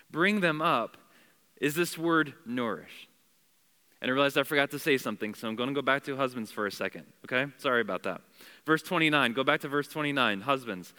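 A man's voice: mid-range voice, bright, forceful tone, big-room sound. A man preaching a sermon to a congregation, driving points home with repeated phrases and direct commands, with chatty asides and self-corrections. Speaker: pastor. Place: church before a congregation.

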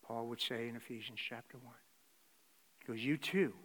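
A man preaching a sermon, swinging between loud exclamations and hushed near-whispers. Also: mid-range voice, steady tone, moderate pace, pauses often. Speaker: pastor. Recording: reverberant hall.

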